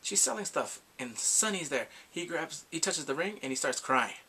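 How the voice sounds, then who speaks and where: Casual male reviewer, slightly high, bright voice, playful and animated, faint hiss on the track. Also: moderate pace. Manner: animated, laughing, acting out characters' lines. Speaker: drama reviewer. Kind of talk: casual episode recap.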